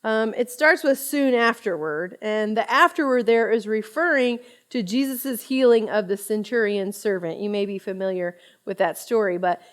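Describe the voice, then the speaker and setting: A woman in her thirties giving a conversational Bible study talk, chatty and expressive, often laughing as she teaches. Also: mid-range voice, moderate pace, few pauses.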